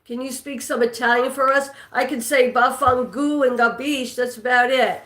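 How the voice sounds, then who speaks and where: A woman's voice: on the high side, little pitch movement, fairly quick, fairly bright tone. A woman with a New York accent hosting a live trivia stream, chatting with viewers and reading their comments aloud. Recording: echoey room.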